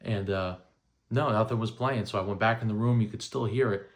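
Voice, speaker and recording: A man's voice: on the low side, fairly quick. A man in his thirties casually telling a first-person story, rambling with lots of "you know" and "right?". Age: 30s. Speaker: vlogger recounting paranormal experiences.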